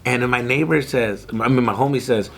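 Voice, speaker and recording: A man telling a story in casual podcast chat, animated and profane, acting out other people's voices with sudden jumps in pitch. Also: fairly quick, a little hiss or hum.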